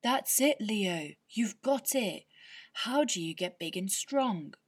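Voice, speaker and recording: A woman voicing an eager, encouraging father in a children's storybook, with a breathy tone. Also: medium pitch, animated, slow pace. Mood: urgent. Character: cheerful, eager dad with ideas.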